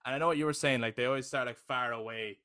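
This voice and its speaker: A young adult man chatting on a podcast with real enthusiasm. His voice sits at an ordinary middle pitch, and he keeps tossing in "right?" and the odd swear word. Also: fast talker, bright, forceful tone, clear, resonant tone. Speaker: podcast co-host. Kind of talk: casual chat.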